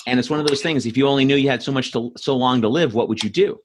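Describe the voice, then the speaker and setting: A fast-talking man with a medium-pitched voice, recorded with a little hiss or hum, hosts a podcast. Answering questions, he chats and tells stories casually, rambling with many fillers and restarts.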